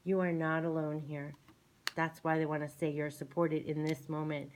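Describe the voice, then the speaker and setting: A woman's voice: low voice, level tone, moderate pace, slight background noise, poor audio. A woman reading oracle cards in a soothing, gushing way, often repeating her phrases. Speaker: tarot and oracle card reader. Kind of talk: spiritual card reading monologue. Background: shuffling cards.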